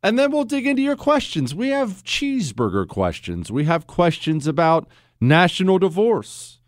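A man hosting a talk radio show, delivering a sarcastic, animated monologue into a studio mic. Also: sits high, normal speed, no room sound.

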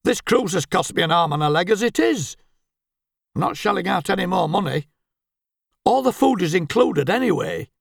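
A man's voice: high-pitched, lively intonation, moderate pace, vocal fry, no room sound, studio quality, full character voice. A man voicing a grumbling, stingy, middle-aged husband who swears and complains sarcastically.

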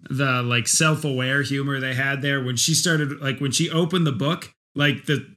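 A man on a casual movie podcast who teases deadpan and rambles with lots of filler words. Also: mid-range voice, moderate pace. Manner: deadpan teasing, rambling with many likes. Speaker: podcast co-host. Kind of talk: casual movie-discussion chat.

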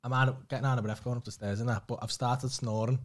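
A man's voice: mid-range voice, flat delivery, fast talker. A man co-hosting a podcast, rambling and sweary, laughing at himself in casual chat. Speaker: podcast co-host.

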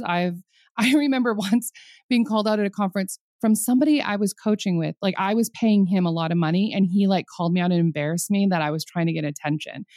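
A woman guesting on a podcast in casual chat, energetic, laughing often and swearing freely. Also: medium pitch, no echo, clean studio sound.

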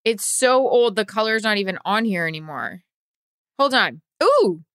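A woman co-hosts a podcast, telling stories playfully and with animation in casual chat. Her medium-pitched voice has a clear, resonant tone at a moderate pace. The audio is studio quality with no room sound.

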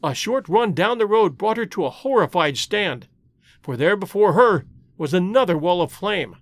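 A man reading an adventure story aloud as an audiobook narrator, with dramatic, expressive delivery. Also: high-pitched, moderate pace, no room sound. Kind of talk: scripted narration.

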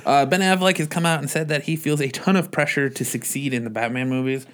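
A man's voice: mid-range voice, fairly even intonation, fast, fairly bright tone. Casual man hosting with loose profanity. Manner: profane, opinionated, laughs often. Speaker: podcast host. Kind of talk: casual chat.

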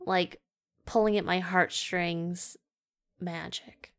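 A woman in casual podcast chat reviewing a movie, wry and quick to laugh. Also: fairly low pitch, steady tone, fairly bright tone. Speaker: podcast co-host.

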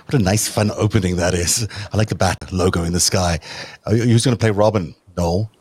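A man's voice: sits low, steady tone, a little fast, a little mellow, a little hiss or hum. A man hosting a political talk show, chatting and joking with his panel as he leads the conversation. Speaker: podcast host.

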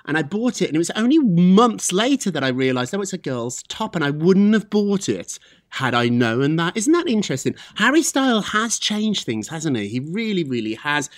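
A man hosting a celebrity gossip show, chatting in a lively, animated way. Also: fairly high pitch, moderate pace. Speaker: host.

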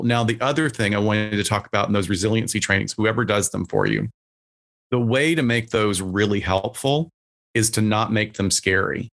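A psychologist talking loosely on a podcast, his voice sitting low. He gets animated and acts out the things people say to him. Now and then he swears casually. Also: a little fast, creaky. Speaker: psychologist guest.

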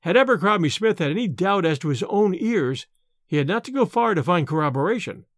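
A man narrating an audiobook of a Victorian horror story in an expressive, theatrical way. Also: high-pitched, fairly quick, dry recording, clean studio sound.

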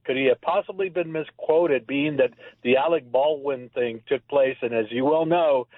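A man's voice: mid-range voice, normal speed, dry recording. Chatty male caller on a phone line. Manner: chatty, insistent, repeats himself. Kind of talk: call-in radio talk.

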